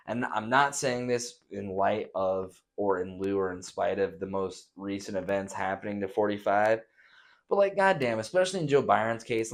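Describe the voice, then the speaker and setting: A young man, hosting a casual podcast, reading news aloud and breaking into profane, mocking rants with exaggerated voices. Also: on the low side. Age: young adult. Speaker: podcast host. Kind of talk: casual rant reacting to news.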